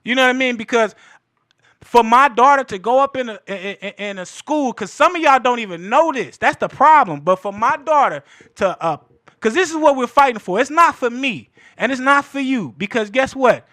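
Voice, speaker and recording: Fervent male commentator in his thirties, high bright voice, repeats lines for emphasis, dry booth sound. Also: lively intonation, moderate pace, dry recording. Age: 30s. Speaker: political commentator. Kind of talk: heated political commentary.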